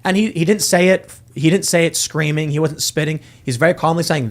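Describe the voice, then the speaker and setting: A podcast host, he speaks a little fast in a fairly high voice. On his political talk show he makes his case emphatically in a casual way, voicing quotes as he argues.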